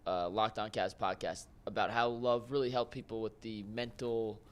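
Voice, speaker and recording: A man hosting a sports talk show, steady as he runs segments and reads sponsor copy. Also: lowish voice, moderate pace, smooth. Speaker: host.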